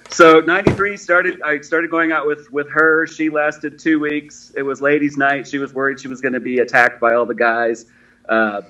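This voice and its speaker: A man's voice: medium pitch, pushed and bright, lo-fi sound. A man in his forties, a guest telling his story in a chatty, self-deprecating way, laughing easily. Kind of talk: casual interview storytelling.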